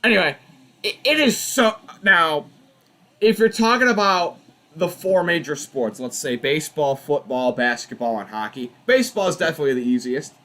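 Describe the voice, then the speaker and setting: Young man, watch party host, lively pitch, bright tone, exasperated ranting at the refs. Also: normal speed. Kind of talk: casual live game commentary.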